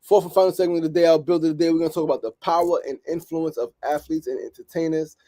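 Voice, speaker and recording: A man's voice: on the high side, fast. A man hosting a motivational podcast, talking in an emphatic, repetitive, slangy way and ending lines with "right?". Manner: slangy, animated street talk. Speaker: podcast host.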